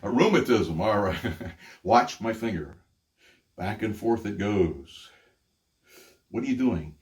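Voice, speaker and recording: An older man from Pittsburgh, USA, a magician and ventriloquist, hosts a casual teaching demonstration, upbeat and chatty with frequent laughs. His voice is fairly low, expressive, slow, and darkish in tone.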